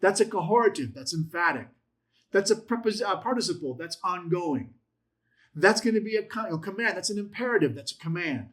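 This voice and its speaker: A man's voice: sits high, expressive, brisk, a bit bright. A man teaching a Bible class in a methodical way, listing terms, repeating points and asking rhetorical questions.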